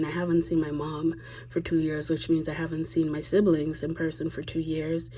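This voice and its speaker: A woman's voice: on the low side, a little mellow. A young woman vlogging, telling a personal family story in a candid, blunt way, swearing freely and acting out what people said. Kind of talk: casual confessional storytelling.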